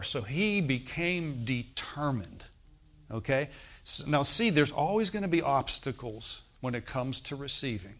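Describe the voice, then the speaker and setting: Energetic male pastor preaching. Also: medium pitch, normal speed. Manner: energetic preaching, calls for congregation response, swings between loud and soft. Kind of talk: sermon.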